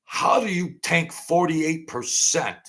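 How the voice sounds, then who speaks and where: A man's voice: a little high, animated, takes it slowly, a bit bright. A man giving opinionated commentary as a podcast guest, emphatic, with frequent stumbling restarts.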